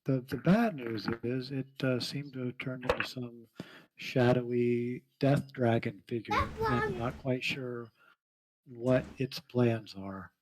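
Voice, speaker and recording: A man playing a tabletop game, thinking aloud in halting speech with restarts. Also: mid-range voice, big pitch swings, noisy background. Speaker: player. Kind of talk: casual game chat.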